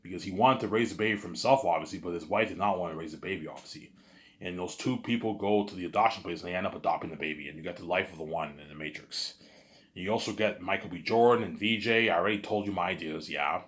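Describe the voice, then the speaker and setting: Guy with a deep voice rambling through a story, keeps stammering and repeating himself, gets loud and excited sometimes. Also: quick pace. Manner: repetitive and stammering, with constant "you know what I'm saying" fillers; bursts into excited loud asides. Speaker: storyteller pitching a film idea.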